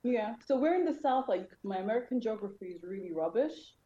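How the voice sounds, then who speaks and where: A woman's voice: a little high, lively intonation, a little fast, warm tone, dull audio. A woman hosting an interview show, chatty and playful, joking about herself. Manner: chatty, playful, self-deprecating. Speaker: host. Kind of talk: casual interview chat.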